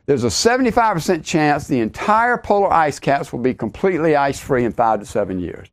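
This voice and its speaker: A man's voice: on the high side, big pitch swings, normal speed. A middle-aged man preaching a podcast sermon, emphatic, repeating his key lines and rising sharply on exclamations.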